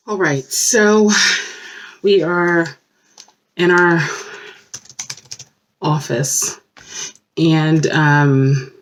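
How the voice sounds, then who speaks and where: Low-voiced, unhurried woman vlogger. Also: slight background noise. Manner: relaxed, chatty, many fillers. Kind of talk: casual day-in-the-life vlog. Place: home office indoors.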